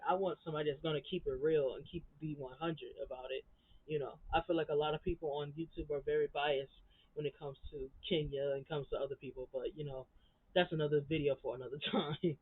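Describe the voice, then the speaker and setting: A young man giving a blunt, gossipy, profane casual review of a reality TV episode as the recap host. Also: fairly high pitch. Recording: dry, tinny phone-like audio.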